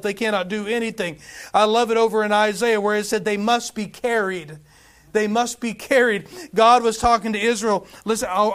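A man's voice: high-pitched, fairly bright tone. A man preaching a sermon with fervent, repetitive emphasis. He restarts his phrases and calls out to the congregation for responses. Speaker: pastor.

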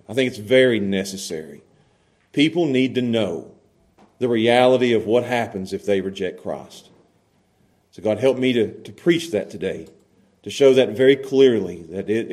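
A man pastor with an Appalachian Southern accent preaching a sermon in a church, moving from a somber prayer to loud, fervent preaching. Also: on the low side. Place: church sanctuary.

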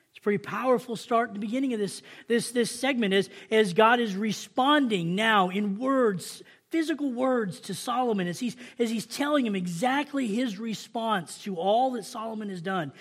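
A man with a Southern accent preaching a sermon, reading scripture slowly and with emphasis, then talking casually with his congregation. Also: high voice.

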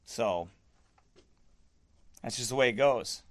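This man has a mid-range voice and talks slowly as he pastors a livestream. Firm and somewhat defensive, he replies to viewer comments and keeps repeating himself to make his point.

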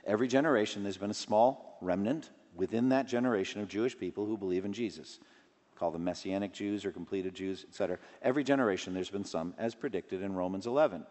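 A man preaching a sermon in an earnest way, his voice rising in pitch and force when he stresses a point. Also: fast, a little mellow, in a large hall.

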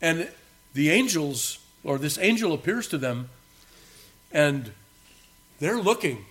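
A pastor preaching an emphatic sermon, swinging between loud declarations and hushed endings. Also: male voice, fairly high pitch, big pitch swings, slow, breathy edge.

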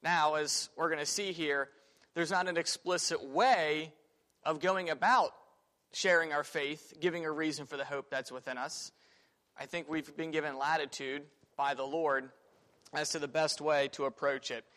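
A man's voice: fairly high pitch, steady tone, moderate pace, pushed and bright. A man teaching a church Sunday school class in a casual, conversational way, thinking aloud with fillers and restarts. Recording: reverberant room.

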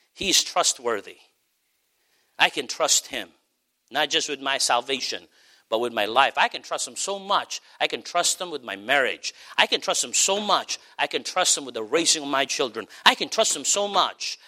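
A man preaching a sermon as pastor, passionate, swelling to high cries and then dropping low. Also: bright, forceful tone.

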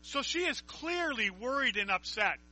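High, bright-voiced male preacher. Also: sing-song, moderate pace, rough recording. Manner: conversational, with questions to listeners; reads scripture aloud. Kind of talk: sermon, Bible teaching.

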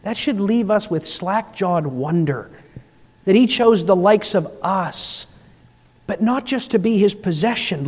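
Male pastor, high voice, sermon delivery with soft lows and emphatic climbs, long hall reverb. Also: expressive, unhurried. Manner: swings between soft, low passages and rising, emphatic appeals.

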